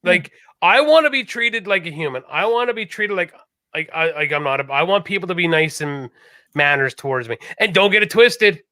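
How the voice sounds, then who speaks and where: Animated, bright-voiced man telling stories. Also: sits high, brisk, dry recording, clean studio sound. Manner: animated storyteller, acts out quoted voices. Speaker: podcast co-host. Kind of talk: casual chat.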